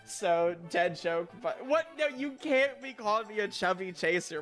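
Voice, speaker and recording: A man's voice: high voice, animated, unhurried, few pauses, fairly bright tone, faint music behind. A young man streaming in a casual chat. He rambles, stammers and swears crudely, now and then bursting into mock outrage. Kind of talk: casual stream chat, reviewing viewer picks.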